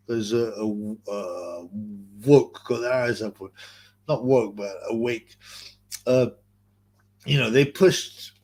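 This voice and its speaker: A man hosting a casual livestream, reading out chat messages and rambling bluntly, swearing and calling viewers bro. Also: medium pitch. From England.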